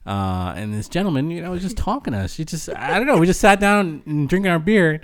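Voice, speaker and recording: A man co-hosting a laid-back podcast, telling stories in a slangy, animated way and laughing often. His pitch swings widely, and his voice sounds smooth and clear. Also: brisk. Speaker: podcast co-host. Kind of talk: casual chat.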